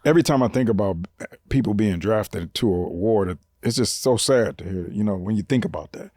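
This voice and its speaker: A man's voice: fairly low pitch, animated, a little fast, mellow, no echo, clean studio sound. A man in a casual podcast chat who talks in slang, swears freely and laughs easily. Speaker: podcast co-host.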